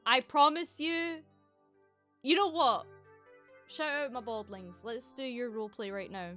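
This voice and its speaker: A woman with a put-on Scottish accent, streaming casually while writing an ASMR script. She rambles, giggles and swears, and swings between excited bursts and soft murmured script lines. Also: on the high side, normal speed, faint music behind. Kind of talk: casual livestream chat.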